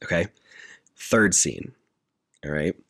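A man's voice: sits low, expressive, takes it slowly, vocal fry, sharp tone, no room sound, clean studio sound. A man casually retelling a film's scenes in detail on a podcast, talking in a loose, filler-heavy way. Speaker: podcast co-host recapping a film. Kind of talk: casual chat.

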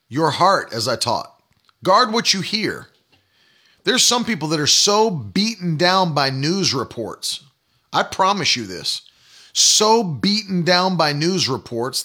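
A man's voice: on the high side, sharp tone. A man in his thirties preaching a sermon, emphatic and repetitive, mocking the doubters he quotes. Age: 30s. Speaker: pastor.

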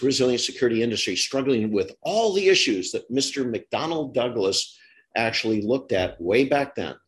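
A middle-aged man hosting an interview, talking in long rambling stretches with restarts and self-corrections. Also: lowish voice. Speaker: podcast host. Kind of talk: casual interview chat.

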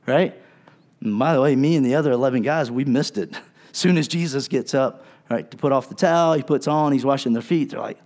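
A man preaching a sermon at a middle pitch, talking in a casual, chatty way. He acts out the people he quotes, then sinks low and quiet to press a point. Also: a little fast. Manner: conversational, acts out quotes in voices; wide swings in loudness, drops low and soft for emphasis. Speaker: pastor.

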